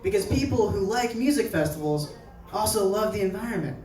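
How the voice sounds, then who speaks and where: A young man doing stand-up at a live show, his voice a little higher than most men's. He talks in a chatty, conversational way and briefly acts out the people he quotes. The room is echoey and he sounds a little far from the recorder. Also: lively intonation, a little fast, darkish tone. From New Jersey. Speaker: stand-up comedian. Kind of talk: stand-up set. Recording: echoey venue heard from afar.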